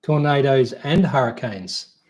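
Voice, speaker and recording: An Australian man chats loosely on a live stream, wandering off on tangents with plenty of ums and restarts. His voice sits at an ordinary middle pitch. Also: measured pace, darkish tone. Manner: rambling, easygoing, many fillers and restarts. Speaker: co-host. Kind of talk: casual live Q&A chat.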